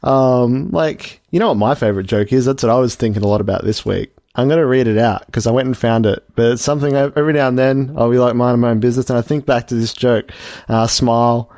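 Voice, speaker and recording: Young guy cohost, rambly and giggly, lots of ums, mid pitch, dead dry mic. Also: fast talker, darkish tone, no echo. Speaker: podcast co-host. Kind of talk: casual comedic chat, retelling a joke.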